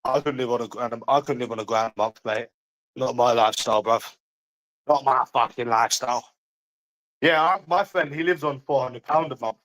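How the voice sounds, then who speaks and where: A man's voice: medium pitch, normal speed, a bit bright, rough recording. A man with a London accent chatting casually to viewers on a livestream, blunt and mocking, swearing often.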